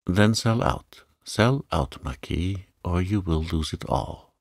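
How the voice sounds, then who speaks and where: A man's voice: low-pitched, lively intonation, slow, gravelly, dry recording, studio quality, full character voice. A man reading the part of a grave young prosecutor who speaks with urgent, guarded seriousness. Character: stern male prosecutor, urgent and secretive.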